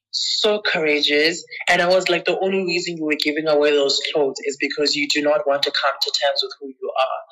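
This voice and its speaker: A woman being interviewed, candidly telling a personal story with emotion and acting out past conversations in her own voice. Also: poor audio. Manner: emotional, acts out past conversations with lively pitch jumps; checks in with the listener often. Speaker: interview guest.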